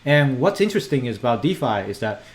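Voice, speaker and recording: Man, crypto video host, casual commentary, emphatic, repeats himself, mid-range pitch. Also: fast talker. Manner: animated, emphatic, repeats himself to reassure viewers. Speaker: crypto YouTuber.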